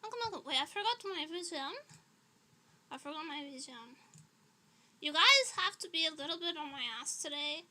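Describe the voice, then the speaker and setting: A woman's voice: sits high, lively intonation, fairly quick, pauses often, bright, forceful tone. A woman streamer in casual livestream chat, rambling and chatty with frequent laughs, slightly out of breath.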